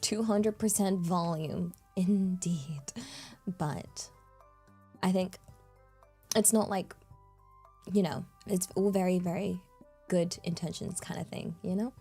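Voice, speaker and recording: A woman's voice: on the low side, fairly even intonation, slow pace, long pauses, mellow, husky, soft background music. Chatty young British woman streamer. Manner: chatty and giggly, full of fillers. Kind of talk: casual chat.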